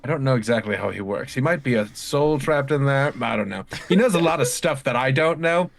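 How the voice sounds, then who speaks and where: A man's voice: mid-range voice, expressive, a little fast, creaky. Chatty joking man playing a tabletop game. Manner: chatty, joking, loose with filler words. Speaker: player. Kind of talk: casual tabletop play.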